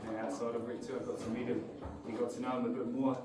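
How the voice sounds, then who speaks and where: A young man with a New Zealand accent giving a halting, emotional farewell speech, his voice choking up between fillers. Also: mid-range voice, little pitch movement. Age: young adult. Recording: echoey room, distant mic, loud noise.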